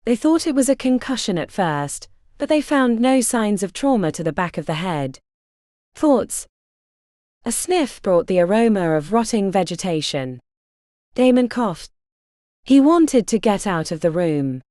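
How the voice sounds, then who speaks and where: A woman's voice: medium pitch, big pitch swings, measured pace, warm tone, no room sound, studio quality. A woman reading a fantasy novel aloud as an audiobook narrator, shifting her voice a little for each character.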